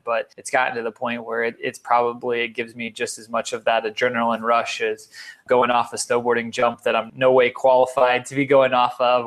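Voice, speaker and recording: A man's voice: mid-range voice, a bit bright. A man being interviewed as a guest on a podcast, a motivational speaker who talks earnestly and repeats words for emphasis.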